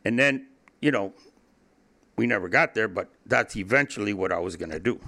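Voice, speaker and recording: A low, gravelly older man from Cuba tells his story as an interview guest. His voice is bright and forward despite its depth, and he talks bluntly, swears freely and keeps laughing between lines. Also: animated, moderate pace, pauses often. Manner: blunt, profane, laughs often, repeats himself. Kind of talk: candid storytelling in a podcast interview.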